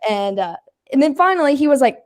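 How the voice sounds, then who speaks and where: Speaking fast in a high-sitting voice, this young adult woman tosses off a casual story full of acted-out quotes. She's animated, laughing along and dropping swear words without a second thought.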